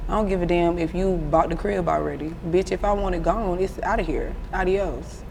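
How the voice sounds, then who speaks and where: A woman's voice: on the low side, a little fast, vocal fry, a little hiss or hum. Blunt, profane woman with Atlanta accent. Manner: blunt, profane, animated storyteller. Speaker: rapper guest. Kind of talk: casual interview storytelling.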